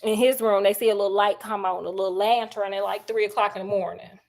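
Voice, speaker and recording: A woman storyteller retelling a classic detective tale in a chatty, slangy, animated way. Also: mid-range voice, fast talker, gravelly. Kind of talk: casual comic story retelling.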